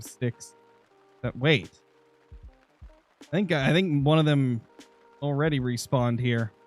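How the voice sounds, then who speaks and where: A young man streaming a hunting game, chatting casually and answering viewers while nursing a sore, dry throat. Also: on the high side. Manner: chatty, answering chat messages. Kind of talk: live gaming stream commentary.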